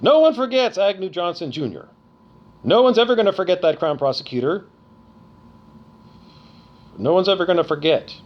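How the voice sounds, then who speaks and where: Middle-aged man, accusatory ranting vlogger, high and animated, muffled home recording. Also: moderate pace, long pauses. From Canada. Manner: profane, accusatory, repetitive. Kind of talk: angry rant to camera.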